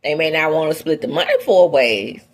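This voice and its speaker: Hosting an entertainment gossip show, a woman talks a little fast as she gives her outspoken opinions casually, her commentary swinging from low asides to high exclamations.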